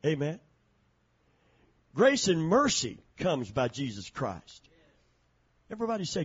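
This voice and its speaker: Man preaching with shouted, rising peaks. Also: huge pitch swings, measured pace, pauses often, breathy edge, highs cut off. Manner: rising to shouted, chanting peaks, then dropping low and soft. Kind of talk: sermon.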